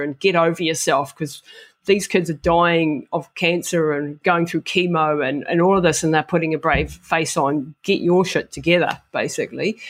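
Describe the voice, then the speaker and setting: Middle-aged woman with a New Zealand accent, interview guest, frank and animated storyteller. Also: low-pitched. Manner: animated, acts out inner voices, frank and earthy. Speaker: guest, ultra endurance athlete.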